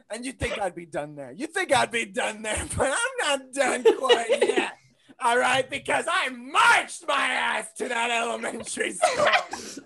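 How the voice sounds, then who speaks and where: A young man performing a stand-up comedy set, theatrical and mock-grandiose, often bursting into shouts. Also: extremely high pitch, gravelly.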